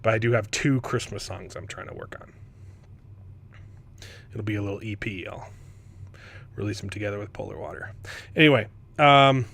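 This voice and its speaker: A man hosting a casual panel chat, animated and mocking, often stumbling over words and restarting. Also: lowish voice, vocal fry. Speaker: host.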